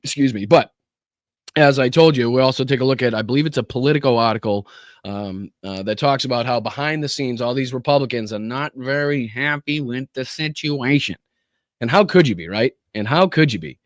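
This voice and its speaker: A man's voice: mid-range voice, brisk, dry recording, studio quality. A man hosting a political podcast livestream, talking casually and sarcastically, swearing and thanking viewers by name. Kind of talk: livestream commentary.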